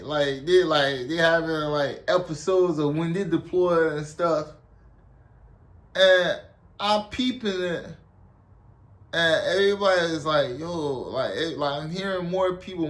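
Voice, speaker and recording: A man's voice: on the high side, a bit bright. A young man from South Carolina, telling a story casually and rambling with lots of "like" and "you know". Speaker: storyteller, army veteran.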